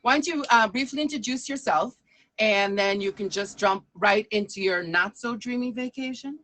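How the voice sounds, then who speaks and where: A woman's voice: mid-range voice, moderate pace, fairly bright tone. Woman host using pet names. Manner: affectionate, uses pet names. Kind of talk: casual interview chat.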